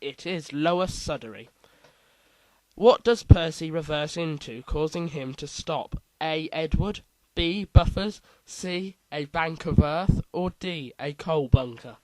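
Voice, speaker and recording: A man's voice: on the high side, takes it slowly, darkish tone, dry recording, rough recording. A man hosting a casual quiz, reading out multiple-choice options with playful asides. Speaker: quiz host.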